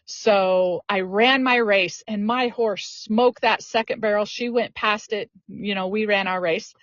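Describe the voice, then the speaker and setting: Earnest female storyteller, casual and lively, dry muffled recording. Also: mid-range voice, a little slow, few pauses, dry recording. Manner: earnest, lively storyteller with frequent "you know". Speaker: podcast guest. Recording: dull lo-fi dry audio.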